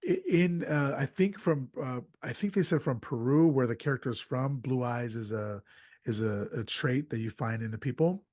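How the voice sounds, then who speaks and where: A man hosting a podcast, casually retelling a movie plot and tossing in quick acted quotes. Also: mid-range voice, a little mellow, no echo, clean studio sound. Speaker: podcast host. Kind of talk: casual movie recap chat.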